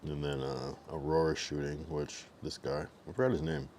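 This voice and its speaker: A man in his late thirties talks on a livestream in a very low voice. He rambles loosely, swears freely and argues back at his chat. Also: lively intonation, normal speed, darkish tone, a little hiss or hum. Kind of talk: casual stream chat.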